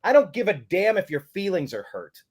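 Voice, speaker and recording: A man hosting a casual political talk show, giving emphatic, animated opinions. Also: sits high, brisk. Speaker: host.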